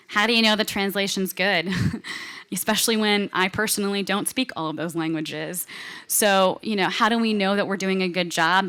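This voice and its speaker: A woman's voice: mid-range voice, bright, forceful tone, smooth. A woman giving a conference presentation in a casual, chatty way, often saying "like" and "you know". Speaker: conference speaker. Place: conference stage.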